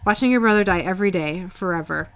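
A woman's voice: fairly low pitch, quick pace, lightly acted. A woman voicing a smug, mocking male trickster god, read aloud in a flippant, taunting way during a story recap.

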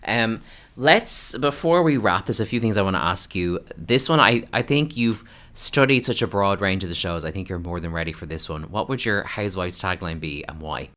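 Bright-toned podcast host, deep voice. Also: male voice, animated, moderate pace. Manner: upbeat, laughs often, asks long questions. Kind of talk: casual podcast chat.

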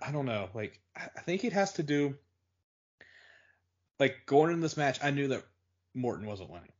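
Rambling man on a casual podcast. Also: mid-range voice. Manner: rambling, fills with "like". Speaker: podcast co-host. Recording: dull lo-fi audio.

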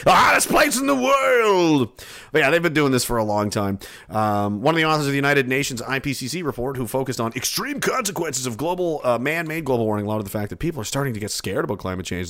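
A man's voice: mid-range voice, lively intonation, quick pace, a bit bright. A man ranting in a rambling, sarcastic comedy monologue, swearing often. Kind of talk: profane comedic rant.

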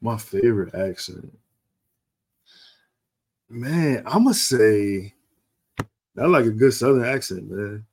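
A man co-hosting a casual podcast, laid-back and halting, often restarting his sentences as he thinks. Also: on the low side, expressive, darkish tone, husky. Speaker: podcast co-host. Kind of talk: casual sports and culture chat.

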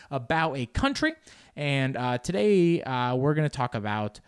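Young man, smooth voice, rambling, swearing, joking at himself, casual solo chat. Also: medium pitch, lively intonation, fast. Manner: rambling, profane, self-mocking. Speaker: podcast host.

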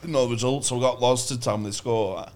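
A young man, a comedian co-hosting a podcast, telling stories casually with lots of swearing and loud laughs. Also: medium pitch, fast talker, slight background noise. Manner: swears a lot, loud laughs, animated storytelling. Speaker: comedian co-host.

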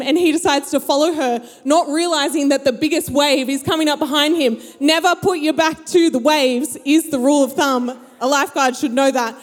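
With lots of energy and a high voice, a young woman entertains a live audience with stories, playing out her friends' voices. The setting is a large hall with listeners present, and the sound has a long reverb.

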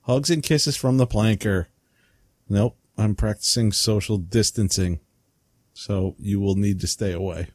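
Male podcast co-host, low dry voice, jokey and quick to laugh. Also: darkish tone, dry recording. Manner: joking, laughs often. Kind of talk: casual chat, reading listener comments.

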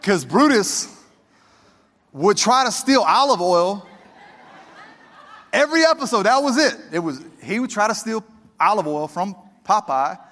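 High-voiced preacher, fervent. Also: male voice, sing-song, a little slow, pauses often, fairly bright tone, big-room sound. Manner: fervent, conversational, talks straight to the congregation. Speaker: pastor. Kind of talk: sermon.

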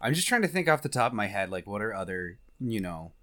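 A man's voice: lowish voice, big pitch swings, fast, bright, forceful tone. A man co-hosting a casual podcast, teasing and joking, often trailing off into filler words. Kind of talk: casual chat.

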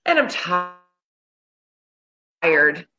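A woman, a guest on a show, telling a travel story in a casual, animated way and acting out her own reactions. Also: low-pitched, very slow, muffled recording, over music.

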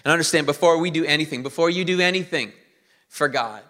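A man preaching a sermon to his congregation, emphatic, moving between loud declarations and soft, quiet passages. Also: fairly high pitch, fast talker. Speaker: pastor. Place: church hall. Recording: long reverb of a church hall.

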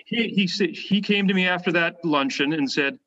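A man's voice: high voice, normal speed, highs cut off. A Canadian man, a former basketball player, telling stories as a podcast guest and acting out the voices of the people in them, with plenty of fillers. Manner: animated storyteller, acts out quoted voices, frequent fillers. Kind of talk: casual storytelling interview.

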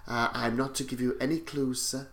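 A man voicing a polite, evasive male asylum orderly who speaks softly and keeps saying sir. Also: medium pitch, level tone, a little fast, slight background noise, lightly acted. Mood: deferential. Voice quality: softly spoken. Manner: deferential, ends lines with "sir".

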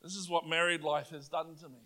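Preaching a sermon at a brisk clip, a New Zealand man with a voice that sits high for a man tells a story full of animated, playful energy. He builds up to loud, triumphant declarations.

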